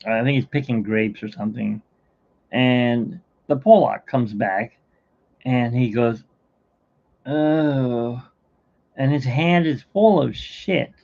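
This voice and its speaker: A man's voice: medium pitch, a little slow, vocal fry, highs cut off. A middle-aged man hosting a live stream, chatting casually and telling jokes in a rambling, self-mocking way.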